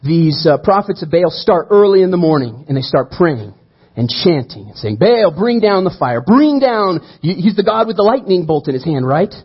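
A man preaching a sermon, telling the story with animated energy and acting out the quoted voices. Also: on the high side, fairly quick, slightly rough, lo-fi sound. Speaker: pastor.

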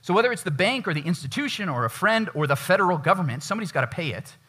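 A man's voice: high voice, very animated, very fast, bright, forceful tone. A male pastor giving a conversational sermon in a church, acting out quoted voices as he preaches.

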